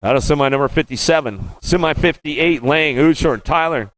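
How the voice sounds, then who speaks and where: A man calling BMX races live as track announcer, rattling off rider names in a rapid, rhythmic play-by-play and repeating stock phrases. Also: a little high, a bit bright, dry recording. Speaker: race announcer. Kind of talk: live race commentary.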